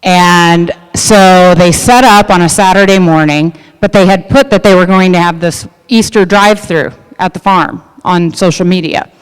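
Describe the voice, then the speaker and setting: A woman's voice: fairly low pitch, moderate pace, few pauses, clean tone. A middle-aged woman who owns a produce business, telling a story in a luncheon speech with lots of fillers and restarts. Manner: chatty, many fillers and restarts. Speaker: produce business owner giving a luncheon talk. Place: large event hall. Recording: long hall reverb.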